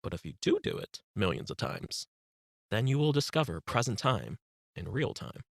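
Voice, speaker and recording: Male narrator, calm and instructive, varied intonation, dry recording. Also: lowish voice, normal speed, vocal fry, dry recording. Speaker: author narrating his book. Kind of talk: guided meditation audiobook narration.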